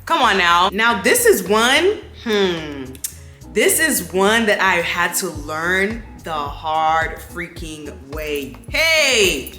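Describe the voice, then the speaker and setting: A woman's voice: on the low side, slow pace, reverberant, faint music behind. A woman, chatting casually and emphatically while doing her makeup at home at night. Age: 20s. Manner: animated, emphatic, preachy motivational. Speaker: beauty vlogger.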